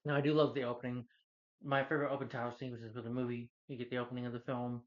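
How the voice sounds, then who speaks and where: A man's voice: medium pitch, level tone, racing, highs cut off. A man giving a casual, rambling, enthusiastic film review, retelling the plot.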